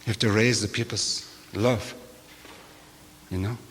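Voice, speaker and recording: An older man, a shaman, giving a sermon-like talk to a gathering in a church, with a rhythmic, repetitive cadence that swings from loud to hushed and wry, laughing asides. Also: fairly low pitch, steady tone, measured pace. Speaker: shaman speaker. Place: church hall. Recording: long hall reverb.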